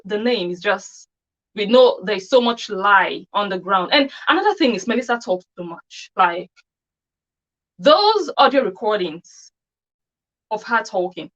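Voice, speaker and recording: A woman's voice: mid-range voice, very animated, moderate pace, a bit bright, muffled recording. A woman giving an opinionated commentary monologue on her channel, scornful and full of rhetorical questions. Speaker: commentary vlogger.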